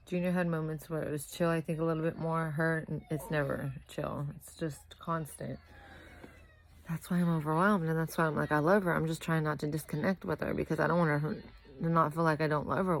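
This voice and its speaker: Worn-out young mom, low voice. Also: female voice, fairly even intonation, normal speed, gravelly, a little hiss or hum, poor audio. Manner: rambling, scattered, self-correcting. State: exhausted from little sleep. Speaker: vlogger, mother of two. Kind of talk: casual vlog chat. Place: at home with a toddler nearby.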